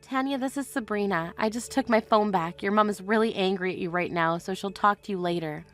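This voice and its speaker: A woman's voice: mid-range voice, a little fast, soft background music, lightly acted. A woman voicing an indignant young bride who answers with cutting firmness in a voiced text-story drama. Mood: cold firm.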